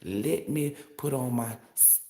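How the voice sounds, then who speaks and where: A man's voice: mid-range voice, slow pace, mellow. Man, tarot reader, casual stream rant, brash, profane, laughs often, echoey room. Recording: roomy echo.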